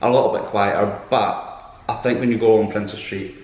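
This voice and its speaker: A man's voice: fairly low pitch, steady tone, moderate pace, darkish tone, lo-fi sound. A man co-hosting a podcast at home, chatting casually and teasing, with many restarts. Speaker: podcast co-host. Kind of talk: casual chat. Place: room at home. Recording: roomy echo.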